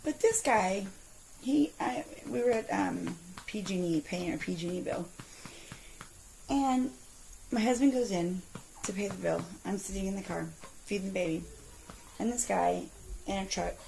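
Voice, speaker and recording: Indignant ranting woman with a gravelly voice. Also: mid-range voice, moderate pace, pauses often, slight background noise, poor audio. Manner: indignant, animated storytelling with rising outbursts. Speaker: vlogger. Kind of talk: ranting vlog. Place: parked car.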